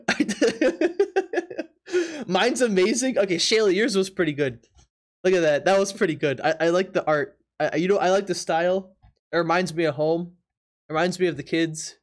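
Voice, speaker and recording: A live-stream host reacting to drawings, laughing often and disbelieving, tripping over repeated words. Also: mid-range voice. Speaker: Twitch streamer.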